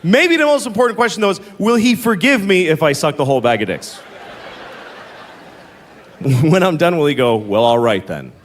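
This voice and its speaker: Middle-aged male stand-up comic, animated and mocking, a bit high-pitched, recorded live in a reverberant hall. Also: moderate pace, long pauses, slight background noise. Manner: loud bursts of exasperated, mocking delivery with sudden high shouts. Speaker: stand-up comedian. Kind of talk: stand-up comedy set. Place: large venue with a live audience.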